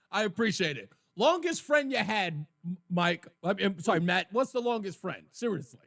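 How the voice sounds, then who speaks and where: A man hosts a call-in radio show with a high, bright voice. He talks in an animated, joking way and laughs at his own puns. The studio sound is dry and close. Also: normal speed, no echo. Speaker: radio talk show host. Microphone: studio microphone.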